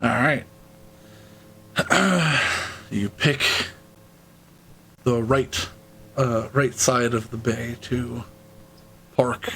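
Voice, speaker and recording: A man running a tabletop game as game master, talking slowly in a gravelly voice. He narrates haltingly, with fillers, throat-clearing and frequent laughs. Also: mid-range voice, pushed and bright, a little hiss or hum, low-quality recording.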